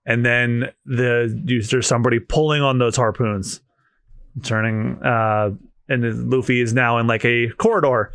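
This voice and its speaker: A man co-hosting a podcast. He reads a comic aloud, voicing the characters with lively, high, shouting lines. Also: normal speed, clean tone, no room sound, studio quality. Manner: animated, voices characters with high shouting pitch. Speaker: podcast co-host. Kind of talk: manga readthrough, reading lines aloud with voices.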